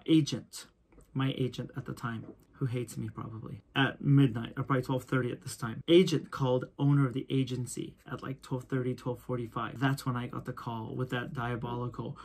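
Man, photographer host, casual storytelling, animated, husky voice. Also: medium pitch. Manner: animated, acts out quoted voices.

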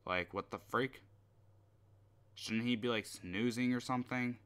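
A man's voice: medium pitch, a little slow, pauses often, a bit bright, smooth. A young man commenting on a horror game as he plays, muttering to himself, swearing and getting jumpy at scares. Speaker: gameplay commentator.

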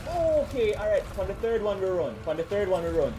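A man with a Jamaican accent commentating a game, loud and excitable, yelling and joking in patois as he plays. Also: high voice, fairly quick, music in the background. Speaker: gamer commentator. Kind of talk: let's-play commentary.

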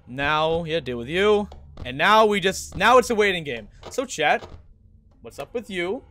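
An excitable young man giving casual livestream gameplay commentary, his high voice leaping all over as he cheers and pleads with the game. Faint game music plays behind him. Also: a little slow, pauses often. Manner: excitable, hyped, coaxing the game characters aloud. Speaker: gaming streamer.

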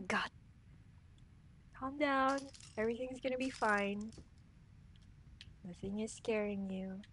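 Jumpy woman streamer, slow talk. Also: medium pitch, a bit bright, slight background noise. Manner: jumpy, talks to herself, scared outbursts. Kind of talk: horror game let's play commentary.

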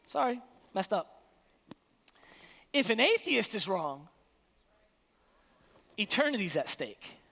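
Woman pastor, emphatic folksy sermon, lively pitch, church-hall echo. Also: slow, vocal fry, long pauses. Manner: emphatic, colloquial preaching. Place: church sanctuary.

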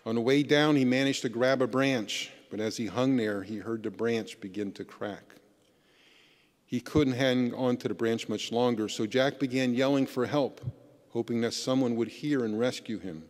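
A man's voice: medium pitch, normal speed. A man preaching a Sunday homily as a deacon, earnest and plainly telling a story. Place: church. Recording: long church reverb.

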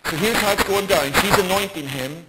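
A man's voice: sits high, moderate pace. A man preaching a bible study sermon in an emphatic way, with rhetorical questions. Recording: loud background noise.

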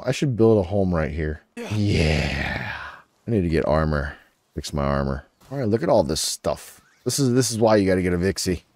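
Young guy doing gameplay commentary, low voice but bouncing all over, goofy, chatting to his pals. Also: no room sound. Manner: playful, talks to his creatures, sudden excited jumps in pitch. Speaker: gaming channel host.

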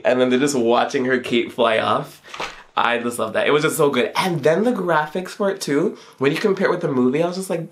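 A young man in his twenties reviews a game in an excitable, gushing way. His voice jumps sharply upward whenever he acts out his own reactions, and his speech is loose and full of casual slang. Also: brisk. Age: 20s. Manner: excitable and gushing, with pitch leaps on quoted reactions.

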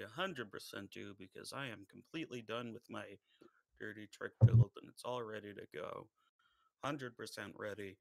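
A man's voice: medium pitch, no room sound, rough recording. A man playing a tabletop game, joking and boastful in casual play. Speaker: player.

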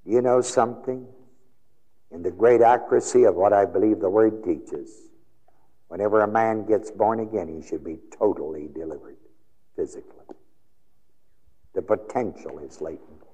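A male preacher delivering a sermon, quizzing listeners with questions and swinging from low murmurs to high, ringing exclamations. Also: normal speed, long pauses, dark tone, husky. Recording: long hall reverb.

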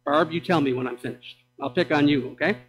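A pastor preaching a sermon in a church, with dramatic pauses and emphatic declarations that swing between loud proclaiming and hushed, low delivery. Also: male voice, slight background noise, low-quality recording. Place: church sanctuary.

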